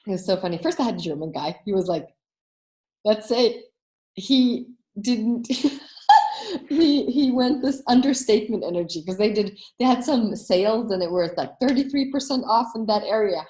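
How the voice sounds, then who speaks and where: A woman hosting a coaching workshop, telling anecdotes in a casual, animated way and acting out the voices she quotes. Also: fairly high pitch, moderate pace, roomy sound.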